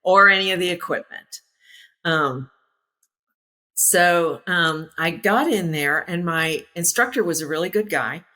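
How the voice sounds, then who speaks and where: A woman's voice: fairly low pitch, a little slow. A woman in her sixties, a former military pilot, telling stories from her career in a casual interview, acting out what people said and laughing easily. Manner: lively, acts out quoted voices, laughs easily. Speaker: former naval aviator, interview guest. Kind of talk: casual anecdotal storytelling.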